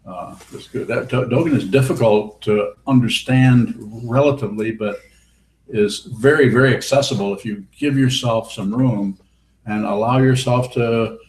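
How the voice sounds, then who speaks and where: A man's voice: medium pitch, normal speed, a little mellow. A man giving a Buddhist dharma talk and answering questions in a blunt, wry, teasing way. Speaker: Buddhist teacher. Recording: roomy hall with faint background hiss.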